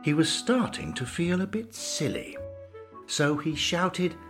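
A man narrating a children's-style story in a lively, sing-song storytelling manner. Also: on the high side, unhurried, faint music behind.

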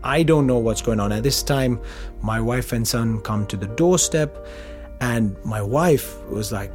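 A man with a mid-pitched voice recounts a personal story in an interview. He tells it vividly and acts out the lines of the people involved. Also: measured pace, darkish tone, faint music behind. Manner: vivid retelling, acting out dialogue.

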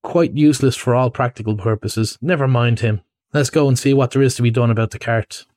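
A man doing a firm, sharp-tongued water rat. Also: medium pitch, a little fast, no room sound, studio quality, natural voice. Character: stern practical male water rat.

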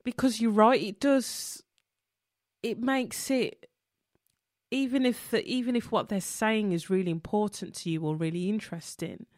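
A woman's voice: medium pitch, moderate pace, darkish tone, dry recording, clean studio sound. A woman hosting a podcast interview, friendly and a little hesitant as she asks questions. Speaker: podcast host.

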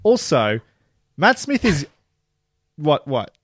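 A man, co-hosting a casual podcast chat about a TV show, animated and laughing often, swearing freely. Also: a little high, very slow, dry recording, clean studio sound. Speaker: podcast co-host.

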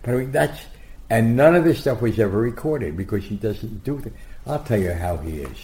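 A man being interviewed as a guest, telling rambling, animated anecdotes and acting out the quotes. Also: lowish voice, moderate pace. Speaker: guest storyteller. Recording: roomy echo.

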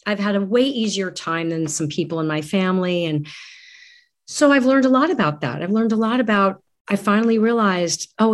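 A woman's voice: medium pitch, brisk. Earnest middle-aged woman reflecting. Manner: earnest, reflective, frequent restarts. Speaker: guest. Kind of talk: candid conversation.

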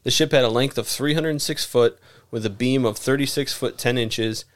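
A man's voice: medium pitch, moderate pace. A man co-hosting a podcast, reading out facts from his notes and laughing often. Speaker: podcast co-host. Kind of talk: casual podcast chat.

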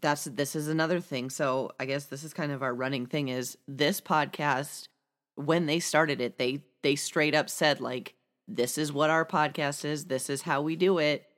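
A woman's voice: deep voice, steady tone, normal speed. A woman with a Midwestern American accent, co-hosting a podcast in frank, laid-back, rambling casual chat. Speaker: podcast co-host.

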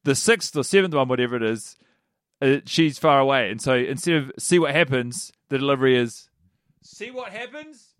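A man's voice: mid-range voice, a little fast, smooth, dry recording, clean studio sound. A man co-hosting a podcast, casually picking apart a comedy special and rambling with lots of filler words. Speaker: podcast co-host. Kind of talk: casual comedy review chat.

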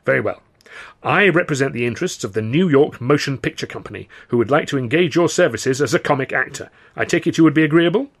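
A man voicing a polite, formal lawyer who talks in a measured, slightly hesitant way. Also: medium pitch, animated, pitched above the performer's own voice. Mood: flustered. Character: flustered formal male lawyer, polite and fussy.

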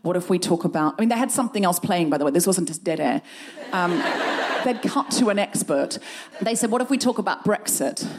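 A woman's voice: on the low side, animated, a little fast, noisy background. A woman podcast host telling a comic anecdote to a live audience, acting out the voices of the people she quotes and laughing through parts of it. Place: live show on a stage.

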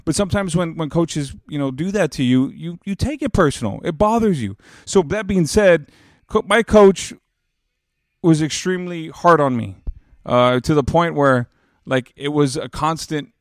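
A man in his thirties with a voice on the high side speaks at normal speed in a studio-quality recording without echo. Telling an emotional personal story earnestly and reflectively, he rambles with many restarts and turns louder and more emphatic as he presses his points.

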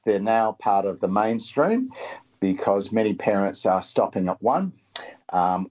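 A middle-aged man, a guest author talking in a halting way and often repeating his words. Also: fairly low pitch, darkish tone. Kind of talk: casual interview talk.

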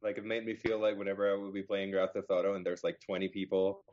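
A man's voice: low voice, monotone, fast talker, a little mellow. A young man on a podcast, telling a rambling story in casual chat with lots of fillers and restarts. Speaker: podcast co-host. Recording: slightly dull lo-fi sound.

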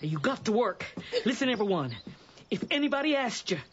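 A woman's voice: fairly high pitch, big pitch swings, brisk. A woman playing Ma Joad, a firm farm mother. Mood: commanding. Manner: firm, commanding and motherly, with a rural drawl. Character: weary, protective mother of a migrant farm family. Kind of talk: radio drama acting. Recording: slightly dull, with faint hiss.

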